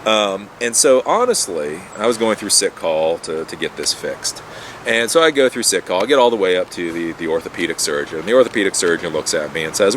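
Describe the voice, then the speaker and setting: A man's voice: deep voice, fairly bright tone, slight background noise. A man telling a personal story in a casual, rambling monologue, repeating words and swearing when annoyed. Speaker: vlogger telling his life story.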